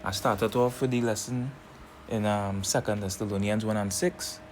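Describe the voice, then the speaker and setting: Guy preaching a bible lesson, lowish voice, keeps saying right?, faint hum behind. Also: steady tone. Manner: keeps asking "right?" between points; reads scripture slowly and deliberately. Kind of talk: scripture lesson.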